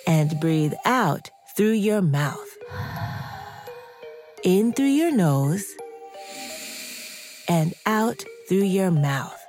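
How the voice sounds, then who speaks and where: Slow, sing-song woman guiding kids. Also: lowish voice. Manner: gentle, encouraging, sing-song. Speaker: podcast host leading children's affirmations. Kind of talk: guided breathing and affirmations for kids.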